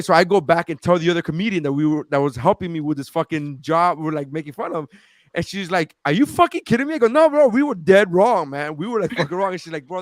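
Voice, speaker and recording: A man's voice: fairly high pitch, no echo, studio quality. A man co-hosting a podcast, telling a story in casual chat, acting out quotes and swearing freely. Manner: animated, swears a lot, acts out quotes. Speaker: podcast co-host.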